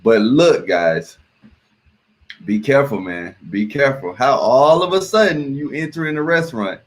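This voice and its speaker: A man's voice: mid-range voice, expressive, normal speed. A man hosting a reaction video, talking casually and emphatically to his viewers and repeating words for stress. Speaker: reaction channel host.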